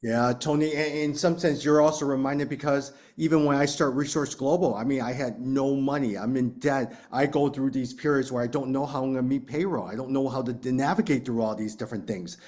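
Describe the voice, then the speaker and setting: A man hosting a conversation and responding thoughtfully to his guest. His tone is sincere and his pitch sits in the middle range. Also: fairly quick, few pauses, darkish tone. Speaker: interview host. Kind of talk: conversational interview.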